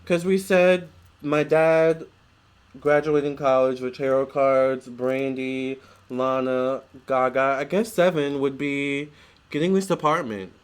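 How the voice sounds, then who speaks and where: A man's voice: medium pitch, steady tone, takes it slowly, clean tone. A young man vlogging in a chatty, gushing way, full of fillers and restarts. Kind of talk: casual storytelling vlog.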